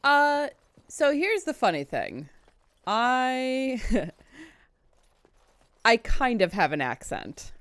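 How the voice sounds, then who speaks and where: A woman's voice: on the high side, sing-song, extremely slow, pauses often, a bit bright, clean tone, dry recording. A woman in her thirties from Alaska, chatting casually with rambling asides while playing a video game. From Alaska, USA. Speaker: let's play streamer. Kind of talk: casual gameplay commentary.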